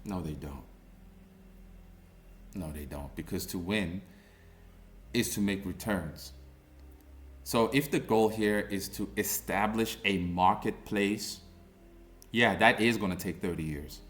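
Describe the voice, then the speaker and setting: A man's voice: lowish voice, unhurried, pauses often, a bit bright. A man in his thirties ranting in a mocking, confrontational commentary, full of slang. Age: 30s. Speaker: online commentator.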